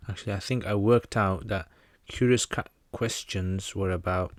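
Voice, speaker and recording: A man with a low voice hosts a casual livestream Q&A, answering religious questions and reading out viewer comments in a relaxed, joking manner. He speaks at a moderate pace, and there's no room sound.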